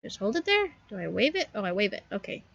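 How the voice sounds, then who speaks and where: A woman's voice: mid-range voice, very animated, fast talker, vocal fry, fairly bright tone, no echo, lo-fi sound. A woman in her thirties streaming a game and chatting, narrating to herself as she plays. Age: 30s. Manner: chatty, talks to herself while playing. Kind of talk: live gaming commentary.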